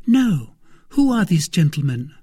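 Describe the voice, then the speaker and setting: Man voicing a high, anxious young woman. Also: very animated, a little slow, warm tone, heavily acted. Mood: pleading. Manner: eager, breathy, questioning.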